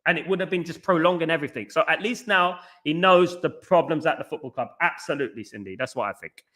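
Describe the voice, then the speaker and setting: A man's voice: on the high side, quick pace, a bit bright. A man with a London accent hosts a live fan stream, reading viewers' comments and answering them in a casual, friendly way. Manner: casual, says big up and mate a lot. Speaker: fan channel host.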